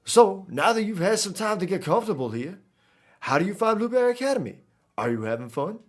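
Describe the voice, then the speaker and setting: A man voicing an eager, flattering male academy director in an attempted Creole drawl while reading game dialogue aloud. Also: mid-range voice, brisk.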